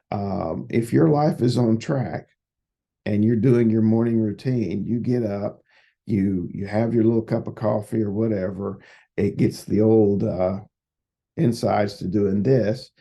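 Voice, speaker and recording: A man's voice: fairly low pitch, creaky, dark tone, husky. A man who works as a psychotherapist, giving folksy, casual advice and telling stories. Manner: folksy, repetitive, storytelling.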